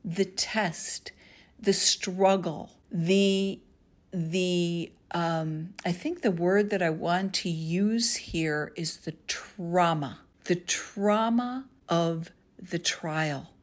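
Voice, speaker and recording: Slow, earnest woman teaching scripture. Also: lowish voice. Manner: earnest, deliberate, drawn-out emphasis on key words. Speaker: Bible teacher hosting a podcast.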